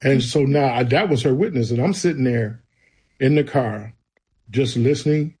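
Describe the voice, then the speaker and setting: With a mellow, husky voice of medium pitch, a man speaks at a moderate pace as a guest in a conversation. He tells the story of his personal faith earnestly and emphatically.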